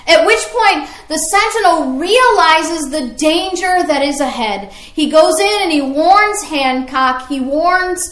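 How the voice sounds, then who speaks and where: A woman's voice: high voice, lively intonation, slow pace, few pauses, a bit bright, roomy sound. A woman teaching history as a story, asking her listeners questions along the way. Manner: storytelling, asks the audience questions.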